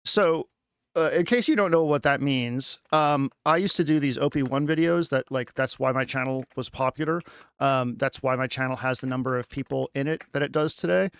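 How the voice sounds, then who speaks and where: A man casually talking through a music production tutorial on a live stream, chatty and thinking out loud with lots of fillers. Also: mid-range voice, moderate pace, clear, resonant tone, no echo, studio quality. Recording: music playing underneath.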